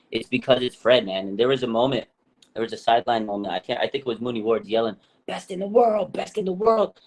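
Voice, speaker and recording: A man co-hosting a casual sports talk show, an animated storyteller full of hyped praise. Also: mid-range voice. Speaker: podcast co-host.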